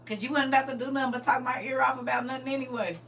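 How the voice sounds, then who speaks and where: Her voice sits high and she talks very fast: a middle-aged woman hosting a livestream and chatting casually with viewers. She is blunt and animated, calling them "y'all" and "baby."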